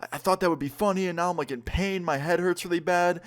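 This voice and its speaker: A man putting on a dizzy, frightened young guy who whimpers through his words. The voice is raised well above the speaker's own and drops quieter and shaky. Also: high voice, quick pace, pitched above the performer's own voice, natural voice. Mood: distressed. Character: dizzy young man sobbing on a bad trip.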